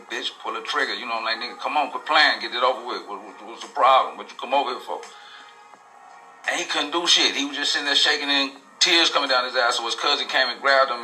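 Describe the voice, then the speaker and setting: A man recounts his past in a loose, emphatic, profanity-laced testimony. His voice sits a little low but carries a hard, piercing edge. Soft music plays faintly under him. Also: poor audio. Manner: profane, street slang, rambling and emphatic. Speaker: storyteller recounting his own life. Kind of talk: casual personal testimony.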